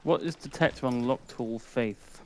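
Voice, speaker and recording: A man on a voice call during a game, excitable and thinking aloud about his moves. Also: mid-range voice, normal speed, slight background noise. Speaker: player on voice call. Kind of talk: casual gaming banter.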